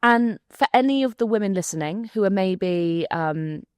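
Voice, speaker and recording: A woman hosting a podcast, gently framing long questions and affirming her guest. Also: medium pitch, expressive, moderate pace, smooth, no room sound, clean studio sound. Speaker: podcast host. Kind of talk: interviewing, supportive listening.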